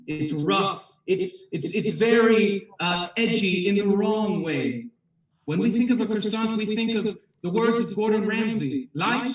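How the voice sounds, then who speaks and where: A man doing improv comedy as a mock counselor, delivering a grandiose, mock-formal argument. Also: sits high. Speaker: improv performer arguing for croissants. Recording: echoey room, far from mic.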